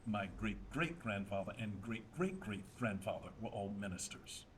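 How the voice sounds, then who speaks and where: Measured pastor giving interview answers. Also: male voice, fairly low pitch, lively intonation, a little hiss or hum. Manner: measured, aphoristic, repeats for emphasis. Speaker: pastor and businessman guest. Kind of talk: interview answers, preacher's cadence.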